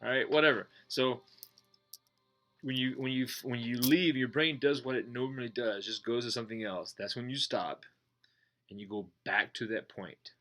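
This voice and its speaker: A man teaching meditation in a casual, blunt way, swearing and joking, and going soft and slow when he guides the breathing. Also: mid-range voice, fairly even intonation. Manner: slows and softens when guiding breathing. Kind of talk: casual explanatory talk.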